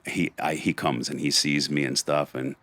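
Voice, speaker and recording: Very deep-voiced man telling a gritty story. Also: little pitch movement, moderate pace, fairly bright tone. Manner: gritty street-talk storytelling, acts out quotes. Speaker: podcast guest. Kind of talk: storytelling in conversation.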